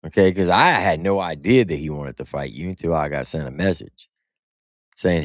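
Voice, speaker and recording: Deep-voiced laid-back male show host. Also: moderate pace, no echo, clean studio sound. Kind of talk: casual talk show.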